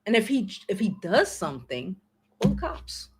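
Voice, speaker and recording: A woman's voice: mid-range voice, sing-song, normal speed, breathy edge. A woman in her forties, hosting a livestream and giving blunt, slangy, profane advice in casual chat to her viewers. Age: 40s. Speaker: livestream host.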